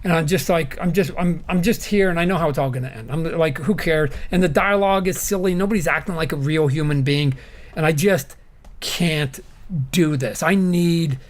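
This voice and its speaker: A middle-aged man talking as a podcast guest in an animated way, often restarting sentences and groaning in disgust. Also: a little high, normal speed. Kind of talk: casual podcast chat.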